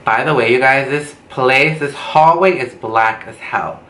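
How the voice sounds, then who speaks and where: A man's voice: mid-range voice, unhurried, a bit bright. A young man telling a casual storytime in a dramatic, gossipy, profane way, recorded on a camera mic at home. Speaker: beauty vlogger. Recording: roomy with faint background noise.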